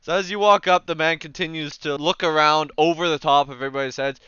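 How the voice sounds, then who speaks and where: A man's voice: a little high, steady tone, fast, pushed and bright, smooth, dry recording, highs cut off. A man narrating a tabletop game as game master, casual and full of fillers.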